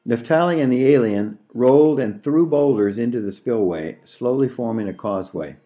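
A man narrating an audiobook story in a slow, measured reading. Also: medium pitch, warm tone, faint music behind.

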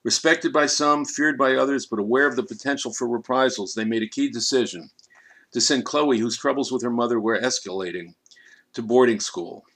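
Man narrating an audiobook, measured and dramatic. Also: medium pitch, fairly bright tone.

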